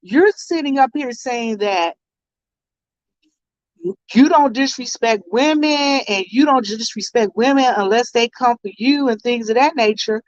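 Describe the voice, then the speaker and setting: A woman telling an animated story on a live stream and greeting her chat viewers as she goes. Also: on the high side, a little slow, muffled recording. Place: convenience store.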